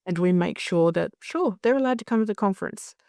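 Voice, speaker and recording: A woman's voice: medium pitch, animated, fairly quick, warm tone, no room sound, clean studio sound. A middle-aged woman in a candid interview, who talks bluntly, swears freely and acts out other people's lines. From Australia. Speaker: hypnosis conference director.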